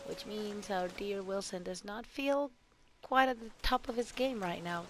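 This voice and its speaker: A woman talks her way slowly through a survival video game, cooing at her in-game companions and reacting out loud to every mishap. Her pitch sits in a middle range, and clear game sounds play under her voice the whole time. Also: noisy background. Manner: chatty, talks to game characters, gasps and laughs at mishaps. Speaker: gameplay channel host. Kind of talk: solo let's play commentary. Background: game ambience and sound effects.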